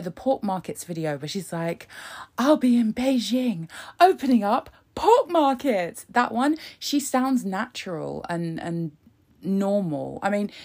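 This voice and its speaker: A woman's voice: on the low side, a little mellow. A young British woman chatting sarcastically in a casual reaction video, laughing often. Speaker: vlogger.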